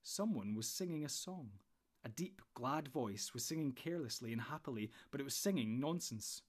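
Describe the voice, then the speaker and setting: A man reading a storybook in steady, measured narration. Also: mid-range voice. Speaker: audiobook narrator.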